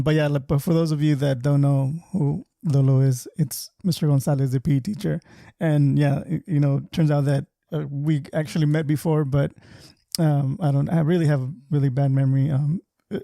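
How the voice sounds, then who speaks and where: A man's voice: fairly high pitch, vocal fry, no room sound, clean studio sound. Chatty man hosting a casual podcast. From Southern California. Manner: relaxed, chatty, many fillers and restarts. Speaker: podcast host. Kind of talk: casual interview chat.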